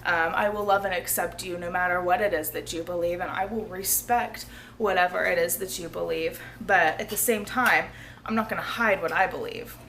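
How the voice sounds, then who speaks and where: A woman, hoarse and losing her voice, talking casually and earnestly to her viewers in a rambling vlog, often laughing. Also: mid-range voice, fairly bright tone, a little hiss or hum. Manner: rambling, earnest, laughs often, drops to a near-whisper at times. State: losing her voice, feeling ill. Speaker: vlogger.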